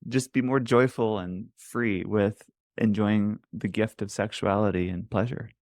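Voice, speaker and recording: A man's voice: on the low side, fairly even intonation, unhurried, a little mellow, dry recording, studio quality. A man hosting a podcast interview, affirming and asking questions with frequent agreement. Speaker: podcast host.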